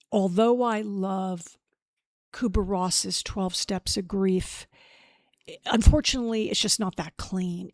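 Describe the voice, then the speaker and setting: A woman's voice: mid-range voice, creaky, dry recording. A middle-aged woman hosting a personal grief podcast, speaking in an earnest, heartfelt, openly emotional way. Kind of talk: personal spiritual grief talk.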